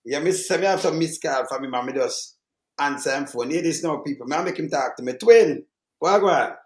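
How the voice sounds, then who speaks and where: A Jamaican man banters loosely in thick patois with a caller. His voice is high for a man. The room around him gives a noticeable echo. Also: animated, fairly quick. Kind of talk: casual banter. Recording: roomy echo.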